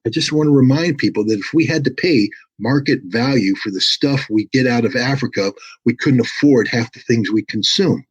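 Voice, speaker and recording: An older man from the United States talking casually as a guest on a video call, rambling with repeated words and quick put-on voices. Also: mid-range voice, breathy edge, dull audio. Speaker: guest commentator. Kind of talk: casual interview talk.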